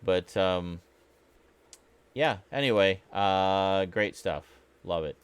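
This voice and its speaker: A man hosting a casual weekly geek chat, talking in a relaxed, rambling way with plenty of fillers. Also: low voice, slow pace, smooth, no room sound. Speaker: host.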